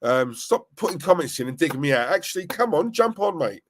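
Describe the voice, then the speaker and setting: A young man hosting a live stream, chatting casually, reading viewer comments and reacting with animated, rambling restarts. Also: brisk, slight background noise. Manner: animated, rambling, restarts and laughs, pitch jumping when worked up. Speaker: fan channel live-stream host.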